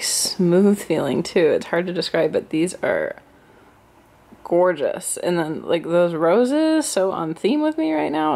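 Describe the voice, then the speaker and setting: A young woman chatting casually to camera in her bedroom, gushing and excited, with frequent gasps and little laughs. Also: medium pitch, creaky. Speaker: lifestyle vlogger. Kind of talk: casual vlog chat. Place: home bedroom.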